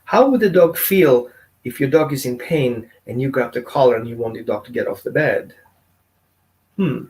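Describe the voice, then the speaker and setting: A man's voice: mid-range voice, normal speed, darkish tone. A man teaching as a dog trainer in a casual, conversational way, often asking his audience questions. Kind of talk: informal teaching talk.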